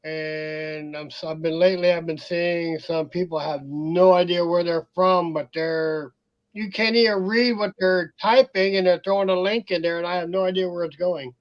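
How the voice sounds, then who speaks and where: A man with a notably high voice hosts a casual online chat. He rambles and restarts his sentences as he goes. The sound is dull and lo-fi. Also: fairly even intonation, moderate pace. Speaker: show host.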